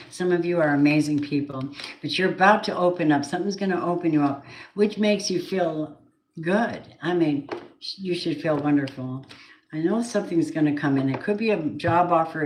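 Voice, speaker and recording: A woman giving a casual tarot card reading, chatty and blunt, swearing now and then. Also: low-pitched. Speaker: tarot reader. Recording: roomy echo, faint noise.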